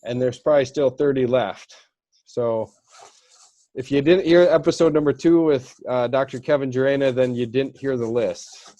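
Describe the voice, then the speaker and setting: A man's voice: medium pitch, moderate pace, dark tone, muffled recording. A man hosting a casual podcast interview, talking in a loose, rambling way. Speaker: host.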